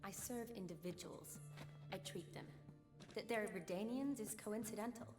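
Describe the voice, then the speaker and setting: An actress playing a composed young female doctor in a video game, measured and precise in her speech. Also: medium pitch, music in the background, natural voice.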